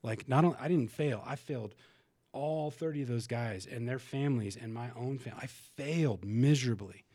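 A man with a mellow, mid-range voice speaks at a normal pace, recorded clean in a studio with no echo. As a podcast guest, he tells a personal story in a frank, emotional, candid way, swearing and restarting his sentences.

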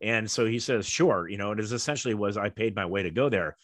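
A man's voice: lowish voice, quick pace, a bit bright, no room sound. Middle-aged american guy rambling through a story, ums everywhere, dry close sound. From United States. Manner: rambling, many fillers, acts out quoted voices. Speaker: guest, former Olympic kayaker. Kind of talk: casual storytelling interview.

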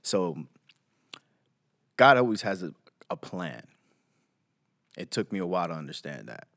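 A man's voice: low-pitched, sing-song, measured pace, vocal fry, fairly bright tone. A man co-hosting a podcast, talking in a laid-back, reflective way and often asking "you know what I'm saying". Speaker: podcast co-host. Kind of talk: casual chat.

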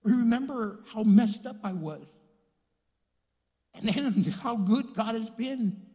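A middle-aged male pastor from Texas preaching a sermon to a packed church, swinging from hushed asides to fired-up shouting. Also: very high voice, slow, in a large hall.

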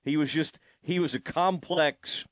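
A man's voice: on the high side, fairly even intonation, a little slow, a bit bright, dry recording, studio quality. Reflective male sports podcast host. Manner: reflective, thinks aloud while asking. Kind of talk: casual interview chat.

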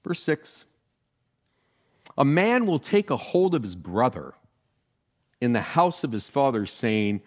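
An older man, a pastor, preaching a sermon with jokes, jumping up in pitch to stress words. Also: slow, pauses often. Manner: animated, jokey, leaps in pitch for emphasis.

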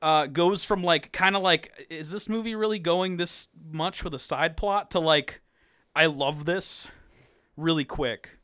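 A man's voice: a little high, measured pace, fairly bright tone, no echo, studio quality. A man co-hosting a podcast, casually recapping a movie with lots of swearing and laughter. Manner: rambling, profane, laughs often and acts out quotes. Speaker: podcast co-host.

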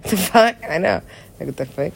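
Rambling solo monologue, gravelly fry, profane, laughs often, talks to self, mid pitch. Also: animated, moderate pace.

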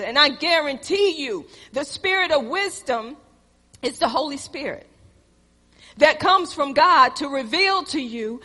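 A woman preacher delivering a sermon in storytelling style, swinging between loud exhortation and quiet asides, recorded in a church. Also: high-pitched, expressive, measured pace, big-room sound.

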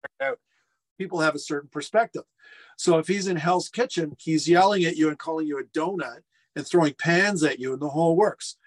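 Middle-aged man telling lively stories. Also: on the high side, fairly quick. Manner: lively anecdotal storyteller, acts out quotes. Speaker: restaurateur guest. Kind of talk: casual storytelling interview. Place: home furnace room.

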